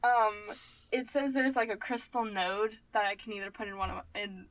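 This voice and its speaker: A woman's voice: mid-range voice, moderate pace, fairly bright tone, no echo, low-quality recording. A woman playing a tabletop game, asking questions in a hesitant, casual way. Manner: hesitant, asks many questions. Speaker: player.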